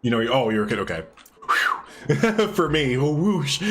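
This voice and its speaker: A man streaming live, chatting casually with viewers as he builds, rambling and laughing often while answering their messages. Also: fairly high pitch.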